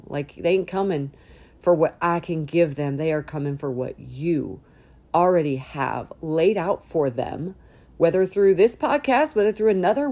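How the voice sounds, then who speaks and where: Female podcast host, lowish voice, casual heartfelt spoken prayer with lifts and drawn-out words. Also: dark tone. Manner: heartfelt, informal, with sudden rises and slow drawn-out words. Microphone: audio only, no camera.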